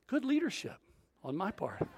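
Man with a high voice for his sex telling a lively story from the pulpit. He swings between loud bursts and near-quiet asides, acting out the voices of the people he quotes. The sound is dry and close, with no room echo. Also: normal speed, husky. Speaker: preacher. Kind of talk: storytelling sermon.

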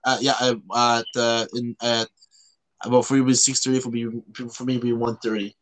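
A man's voice: medium pitch, flat delivery, moderate pace, fairly bright tone. A man from Canada hosting a casual podcast chat, rambling with lots of fillers and restarts. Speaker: podcast host.

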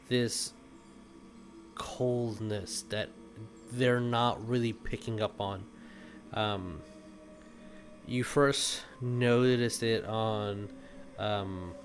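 Slow-talking male game master. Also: mid-range voice, a little hiss or hum. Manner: unhurried, pausing with fillers. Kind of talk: narrating a tabletop game.

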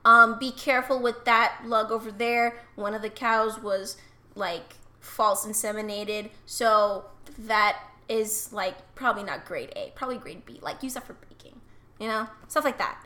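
A woman's voice: a little high, a little slow, pushed and bright. A woman co-hosting a podcast, chatting casually with profanity and jokes, and reading quoted passages aloud. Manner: profane, jokey, acts out bits. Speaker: podcast co-host.

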